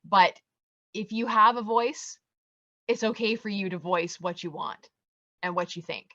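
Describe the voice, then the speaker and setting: A woman speaking firmly and in a measured way in a casual panel discussion, giving advice to listeners. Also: medium pitch, pushed and bright, highs cut off. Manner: firm, measured, advising. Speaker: panel co-host.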